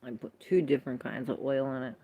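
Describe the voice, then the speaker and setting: A woman's voice: extremely low pitch, expressive, fast talker, creaky, mellow, breathy edge. A woman hosting a tarot livestream, rambling in casual chat, laughing often and reacting to viewer comments.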